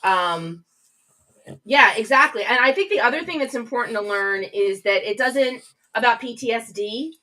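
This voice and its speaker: A middle-aged woman hosts a live show from her home office, with a bright, forceful voice. She chats casually and gushes, reading out and answering viewers' comments as she goes. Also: fairly high pitch, animated, normal speed. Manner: gushing, chatty, reads out chat comments. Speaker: host of a livestream show.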